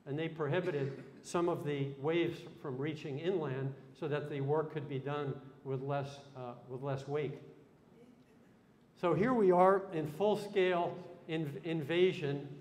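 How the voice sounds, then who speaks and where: A man's voice: fairly high pitch, steady tone, unhurried, darkish tone. A man giving a live history lecture in a hall, chatting and quizzing his audience with questions. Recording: long hall reverb.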